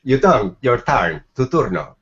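Lively, encouraging male teacher on a call. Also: mid-range voice, unhurried. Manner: lively, encouraging, laughs often. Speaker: language teacher. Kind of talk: online mini-lesson. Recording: dull lo-fi video call with faint noise.

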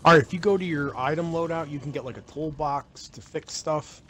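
A man's voice: on the high side, a little fast, noisy background. A man chatting on a game stream, explaining menus and unlocks with stops and restarts. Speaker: co-player on stream. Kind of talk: casual live-stream chat.

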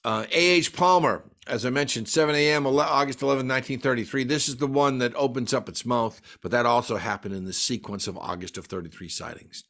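A man's voice: medium pitch, fast, hardly any pauses, fairly bright tone. A man giving a folklore lecture at a library, enthusiastically reading out lists of dates and sighting reports. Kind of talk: lecture presentation.

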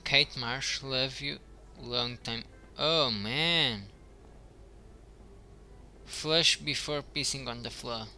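A man's voice: medium pitch, very slow, pauses often, pushed and bright, soft background music. A man commenting on a game playthrough, reading on-screen text aloud with dry asides. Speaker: gaming youtuber.

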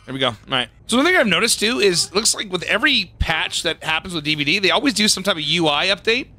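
High, bright excitable gamer guy. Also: quick pace. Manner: excitable, swears and laughs often. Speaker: gaming YouTuber. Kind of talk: casual gameplay commentary.

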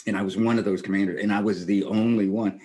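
A man's voice: fairly low pitch, steady tone, fast, a little mellow. A man in his sixties, a retired army general, telling earnest anecdotes in a conversational interview, quoting others and chuckling lightly. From United States.

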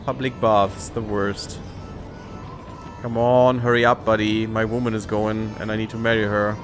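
A man's voice: lowish voice, level tone, moderate pace, music in the background. A man hosting a let's play, giving casual sarcastic commentary while he plays and swears freely.

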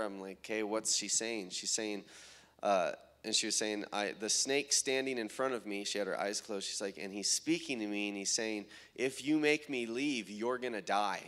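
Man excitedly retelling prayer meeting stories. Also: on the low side. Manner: excited and rising when retelling dialogue, halting with fillers. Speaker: minister recounting healing meetings. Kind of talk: testimony storytelling.

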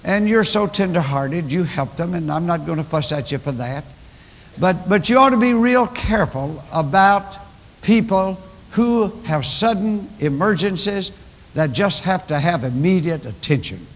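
A man's voice: high-pitched, lively intonation, measured pace. An older man preaching a sermon, telling stories with emphatic repetition. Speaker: pastor. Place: large church. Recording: long church hall reverb.

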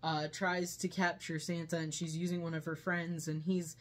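A woman's voice: fairly low pitch, little pitch movement, normal speed. A woman reviewing a movie in casual chat, laughing often as she retells scenes.

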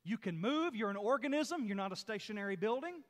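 A pastor preaches a sermon in a church sanctuary, his high, expressive voice moving fairly quickly and trailing a long reverb. His delivery is emphatic and repetitive, its force rising and falling.

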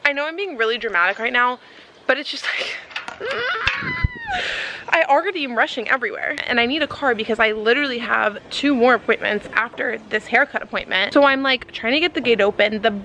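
A woman with a fairly high-pitched voice vlogs to a handheld camera with a flip-up screen held at arm's length, with background noise audible. A flight attendant by trade, she's chatty and self-deprecating, quick to laugh at herself as she films out and about, at home and outdoors.

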